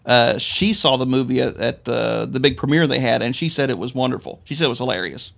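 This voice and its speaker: A man's voice: medium pitch, fairly quick, gravelly, fairly bright tone. A man chatting about movies as a guest in a radio studio, joking and often stumbling over his restarts. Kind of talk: casual radio banter.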